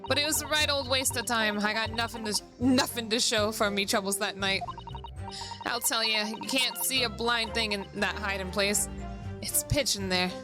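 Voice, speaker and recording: A woman's voice: fairly high pitch, fairly even intonation, moderate pace, close to an everyday voice. A woman voicing a cheeky young female street urchin thief, reading her lines in chatty slang over background music. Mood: telling story. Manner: chatty dialect slang, read aloud plainly.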